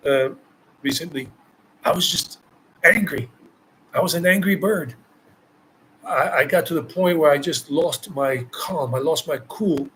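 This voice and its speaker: An American travel vlogger answers viewer questions in a live Q&A, his slightly high, somewhat bright voice carried on a low-quality recording with a little hiss or hum. He speaks emphatically and repeats phrases for stress.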